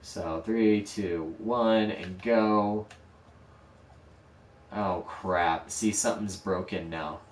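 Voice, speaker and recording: A man's voice: sits low, fairly even intonation, very slow. A man casually streaming his game-building work, mocking himself as he talks through each step, with a dog barking in the room. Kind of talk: casual live-stream commentary. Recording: roomy echo, a bit far from the mic.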